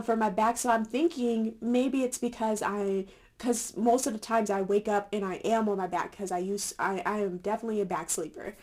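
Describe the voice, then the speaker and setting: A young adult woman chatting casually to her viewers, filling pauses with "um" and "like" and laughing often. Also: medium pitch. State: a little winded. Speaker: vlogger. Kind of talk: casual chat to camera.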